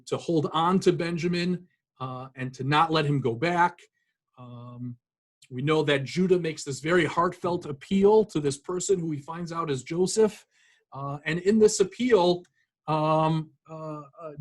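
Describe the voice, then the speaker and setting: A rabbi giving an earnest, reflective sermon, pausing often with fillers and restarts. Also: male voice, a little high. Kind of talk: sermon with scripture reading.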